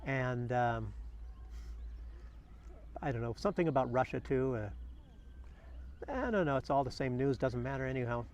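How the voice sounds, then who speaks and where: A man's voice: mid-range voice, animated, moderate pace, pauses often, darkish tone, highs cut off. A man giving casual commentary and telling a fable in a rambling way, full of fillers and restarts. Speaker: vlogger. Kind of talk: casual spoken commentary and storytelling.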